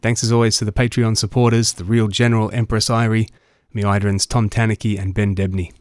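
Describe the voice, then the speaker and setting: A man with an Australian accent, a radio host narrating a scripted outro in a relaxed, plain storytelling way. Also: lowish voice, brisk, no room sound.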